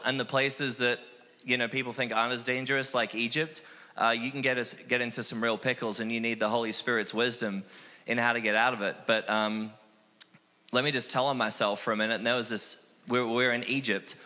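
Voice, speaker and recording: Bright-voiced man telling stories. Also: medium pitch. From Australia. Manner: animated, acts out quoted voices, self-deprecating. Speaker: missionary guest. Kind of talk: casual storytelling interview. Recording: long hall reverb.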